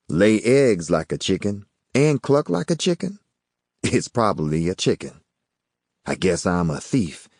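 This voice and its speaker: A man's voice: low voice, a little mellow, no echo, clean studio sound, heavily acted. A man voicing a cocky hustler with a folksy, drawling in an audiobook. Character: smooth-talking Southern man, a cocky small-time hustler. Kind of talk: audiobook character voice.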